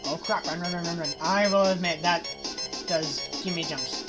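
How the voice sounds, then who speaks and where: A woman's voice: mid-range voice, normal speed. A woman playing a horror video game and commenting on it with sarcastic, joking, mock-cheerful remarks. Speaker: let's play gamer. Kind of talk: gameplay commentary. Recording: game music loud behind voice. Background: game music.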